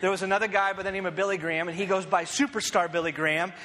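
A man telling a personal story as he opens a sermon, animated and self-deprecating, often checking in with "right?". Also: sits high, very fast, in a large hall, a little hiss or hum.

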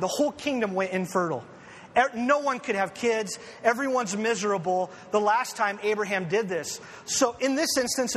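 A man preaching a conversational sermon, an animated, self-deprecating storyteller who leans on fillers and asides. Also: sits high. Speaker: pastor. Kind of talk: conversational sermon with personal stories. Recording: echoey hall with faint ambient noise.

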